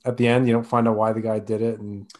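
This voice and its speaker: A man co-hosting a casual movie-review podcast, talking in an animated way. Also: fairly low pitch, fast talker. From Canada. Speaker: podcast co-host. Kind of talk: casual chat.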